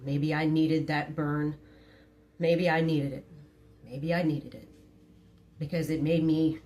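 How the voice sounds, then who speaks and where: Low-voiced woman telling a story. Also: a little mellow. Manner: frank, conversational, with hesitant fillers. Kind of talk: candid storytime monologue.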